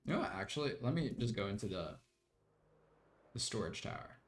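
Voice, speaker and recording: A man's voice: fairly low pitch, sing-song, fairly quick, reverberant. A young man streaming a game, chatting in a rambling way and slipping into mock British slang. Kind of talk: casual live-stream chat while gaming.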